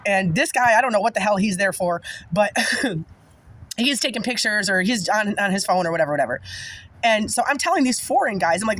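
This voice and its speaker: A woman's voice: a little high, animated, a little fast, a bit bright, slight background noise, poor audio. A woman telling a personal story in casual monologue, agitated and emphatic, swearing often.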